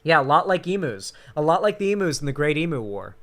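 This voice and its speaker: A young man on a casual commentary stream who rambles and swears as he rants. His voice runs a bit high, with an animated, loose delivery. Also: fast talker, few pauses. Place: cramped home setup.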